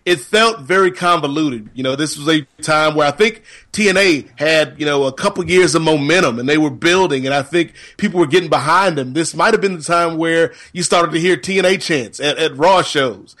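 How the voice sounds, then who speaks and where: On a podcast he co-hosts, a man shares his opinion in a thoughtful, conversational way during casual chat. His voice is on the high side and a bit bright, and he talks fairly quickly with few pauses.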